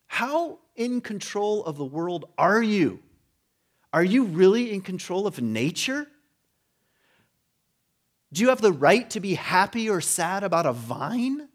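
A preacher whose voice sits slightly higher than most men's gives a relaxed, conversational sermon. He tells the story with humor and animation, dropping into quick impressions of the characters' voices along the way.

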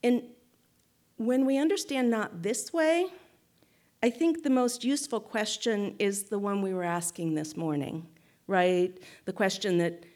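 A woman speaking slowly and deliberately, like a guest speaker leading a reflective teaching. She talks in a thoughtful, measured way, often pausing to check in with her listeners and restarting her phrases. Her voice sits in an ordinary middle range. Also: medium pitch, a little mellow.

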